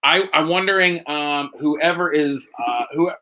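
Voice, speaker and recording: A man's voice: on the high side, measured pace, sharp tone, slight background noise. Tipsy man hosting a home livestream. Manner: rambling, joking, many fillers. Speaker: host. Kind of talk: casual live-stream chat.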